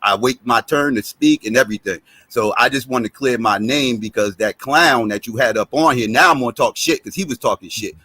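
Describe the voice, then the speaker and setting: Man, indignant, profane, mid pitch, dry recording. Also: brisk, few pauses, bright, forceful tone, husky, dry recording. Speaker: panel guest. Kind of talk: heated casual debate.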